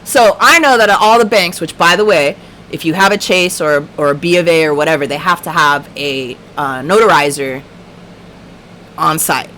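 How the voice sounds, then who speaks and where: A woman's voice: low voice, normal speed, pushed and bright, slight background noise. A woman hosting a livestream, telling a story in a casual, profane, ranting way. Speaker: livestream host.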